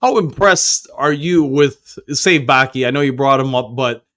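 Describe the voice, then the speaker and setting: A man's voice: medium pitch, measured pace, a bit bright. A middle-aged man hosting a live fan show, chatting casually and reading viewer comments aloud with cheerful whoops.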